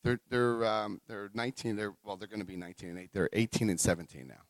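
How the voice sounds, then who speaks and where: A middle-aged man giving a personal recovery talk, an animated storyteller who acts out quotes and swings between quiet and loud. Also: fairly low pitch, fast, no room sound, rough recording. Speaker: recovery speaker.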